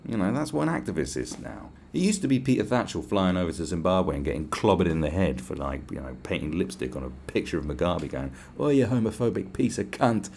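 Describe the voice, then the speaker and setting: A man hosting a solo podcast, ranting in a sarcastic, sweary, animated way. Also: low-pitched, fast talker, creaky, hardly any pauses, a little hiss or hum. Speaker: podcast host.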